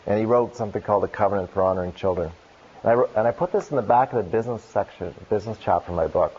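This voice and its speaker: Earnest rambling man, husky lo-fi recording. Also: fairly low pitch, darkish tone. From Canada. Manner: earnest, rambling, with restarts and rhetorical questions. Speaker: keynote speaker. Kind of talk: conference Q&A answer. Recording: dull lo-fi lecture recording.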